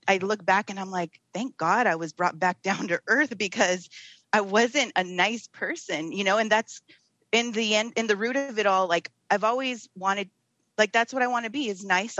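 A woman's voice: medium pitch, a bit bright, no echo, muffled recording. A woman in her thirties, a podcast guest, talking openly and candidly in casual conversation. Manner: open, candid, lots of fillers and restarts. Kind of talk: casual interview chat.

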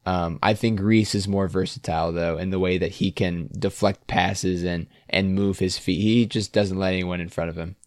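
A man's voice: sits low, moderate pace, hardly any pauses, no room sound, studio quality. A man co-hosting a sports podcast, talking casually and laughing easily. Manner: relaxed, laughs often, trailing off. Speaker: podcast co-host.

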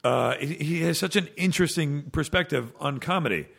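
A man with a gravelly, fry-laden voice talks loosely as a podcast guest. He stops and restarts often, filling the gaps with fillers. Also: a little high, a bit bright. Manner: halting, many restarts and fillers. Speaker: actor guest. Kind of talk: casual podcast chat.

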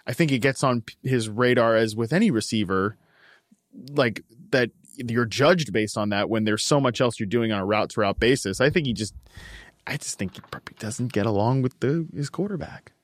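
A man's voice: medium pitch, brisk, no echo, clean studio sound. A man co-hosting a casual sports chat, giving rambling, hedged opinions. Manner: rambling, hedging opinions with "like" and "I think". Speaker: podcast co-host.

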